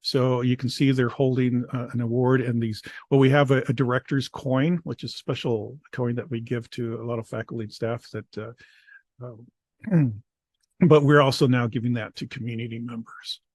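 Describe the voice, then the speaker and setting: A man presents his program in a halting, pause-filled way. His voice sits at an ordinary middle pitch, and the sound is dry with no room echo. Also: fairly even intonation, a little mellow. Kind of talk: conference presentation.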